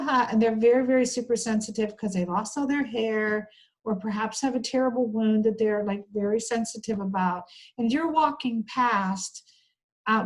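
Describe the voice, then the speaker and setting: A woman's voice: mid-range voice, poor audio. A woman giving an online training lecture on care communication, talking conversationally and acting out short example dialogues.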